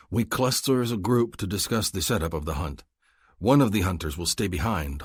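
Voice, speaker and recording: A man reads a romance audiobook in the first person, earnest and brooding. His voice is deep and husky, yet moves with a lively rise and fall. The recording is close and dry. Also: dry recording. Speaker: audiobook narrator.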